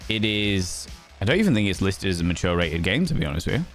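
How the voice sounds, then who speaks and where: Yorkshire male streamer, low register, cheeky banter with chat, soft music bed. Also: sing-song, fast talker. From England. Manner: playful, teasing, greets viewers as cheeky devils. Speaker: livestream host. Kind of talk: casual chat reading viewer messages.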